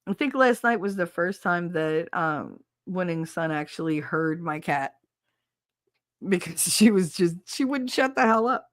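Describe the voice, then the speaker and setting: A fairly low-pitched woman speaks a little slowly but with lively intonation, chatting casually with live chat as a streamer and podcast host. An adult with a son, she's blunt, swears often and laughs a lot; the recording is dry, studio quality, from a desk mic on a standing arm.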